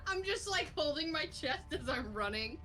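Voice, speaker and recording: High-voiced woman playing a tabletop game, lively bouncy pitch, keeps giggling. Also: moderate pace, soft background music. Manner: giggly, flustered, asks lots of questions. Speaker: player.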